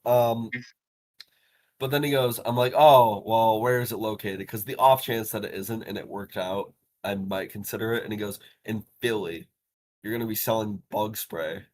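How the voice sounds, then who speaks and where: Low-voiced young man telling stories casually. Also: slight background noise. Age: young adult. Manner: animated, swears freely, lots of fillers. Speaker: podcast host. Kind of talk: casual podcast storytelling.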